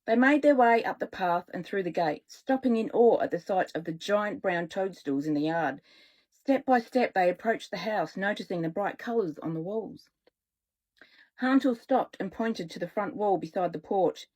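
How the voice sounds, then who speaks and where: A woman and children's author reading her own story aloud in a relaxed way, now and then correcting herself. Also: medium pitch, normal speed, low-quality recording.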